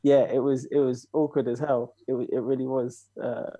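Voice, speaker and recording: A man's voice: medium pitch, level tone, normal speed, warm tone, no room sound. A young man telling a story in casual chat, acting out quoted voices with swearing and laughter.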